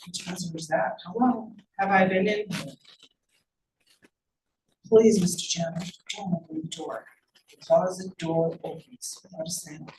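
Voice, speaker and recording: A woman reads her own novel aloud in a measured storytelling manner. The mic sits at a distance, so the room echoes around her. A faint noise stays underneath. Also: fairly low pitch, darkish tone. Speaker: author.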